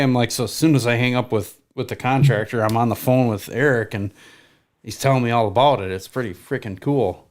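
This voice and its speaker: A man's voice: mid-range voice, brisk. Male co-host, easygoing chat, dry quips. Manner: joking, wry asides. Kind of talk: casual chat.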